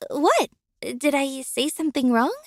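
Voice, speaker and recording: A kind young florist in a video game, chatting warmly with customers. Her voice sits high and bounces a lot. The sound is close and dry. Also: lively intonation, a little slow, no room sound. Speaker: florist shopkeeper. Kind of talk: game voice acting.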